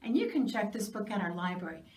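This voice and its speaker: A woman working as a children's librarian, reading a picture book aloud to children in a cheerful, animated way in a library. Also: medium pitch, quick pace. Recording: roomy sound from a distant mic.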